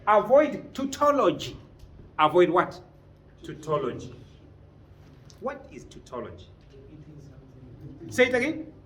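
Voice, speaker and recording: A man's voice: high-pitched, very animated, unhurried, long pauses, a bit bright, a little hiss or hum. A man teaching a business writing class, lecturing and often putting questions to his students. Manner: quizzes the class with frequent questions. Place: training room with a class.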